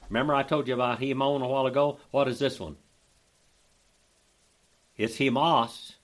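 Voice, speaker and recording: A medium-pitched older man with an Oklahoma Southern accent leads a Bible study. His manner is folksy and drawling, and he spells out the Greek grammar slowly.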